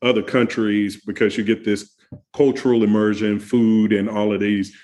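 A man's voice: lowish voice, flat delivery, moderate pace, darkish tone. A man telling road-trip stories in casual chat, laughing often and restarting his sentences. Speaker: guest. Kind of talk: casual conversation.

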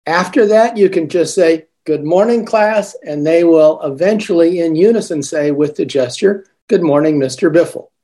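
A man's voice: on the high side, moderate pace, few pauses, dark tone. A man acting as a teaching coach, explaining classroom routines and modeling greetings with sing-song emphasis. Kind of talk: coaching talk.

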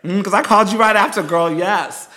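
A man, co-hosting a podcast and telling a story in an animated, chatty way, calling listeners y'all and girl. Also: high-pitched, a little fast. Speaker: podcast co-host. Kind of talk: casual storytelling chat.

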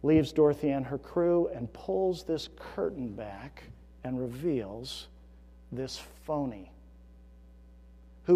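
A man preaching a sermon as pastor, earnest, swelling into emphatic storytelling and dropping to a hush. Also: mid-range voice, animated, takes it slowly, breathy edge, big-room sound. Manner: earnest, rising to emphatic storytelling then hushed.

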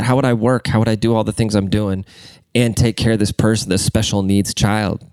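A congested man rambles through a profane, offhand rant. His voice sits low and comes across smooth and resonant despite the stuffiness. The room sound is dry and close. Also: fairly even intonation, moderate pace, a little mellow, no room sound. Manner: crude, rambling, swears constantly.

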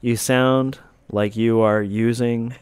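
A man's voice: mid-range voice, fairly even intonation, takes it slowly, darkish tone. Dry joking male talk-show host. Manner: dry, joking, reads out rules mockingly. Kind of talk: casual talk show banter.

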